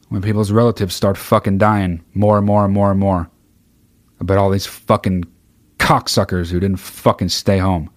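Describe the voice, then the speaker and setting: A man ranting on a livestream, heated and swearing constantly, with sudden bursts of shouting as he reads through chat. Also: low-pitched, no room sound. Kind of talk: profane livestream rant.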